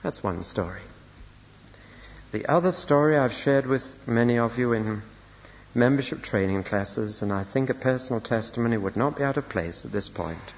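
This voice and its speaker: A man's voice: medium pitch, moderate pace, slight background noise. An older man, a pastor preaching a sermon, telling personal stories with dry, self-deprecating humor. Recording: lo-fi recording in a reverberant church hall.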